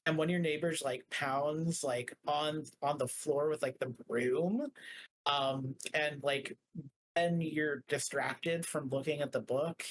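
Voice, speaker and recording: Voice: medium pitch, fairly even intonation, slow, poor audio. Rambling game master with a faint hiss. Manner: rambling, lots of "like" fillers. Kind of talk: narrating a tabletop game.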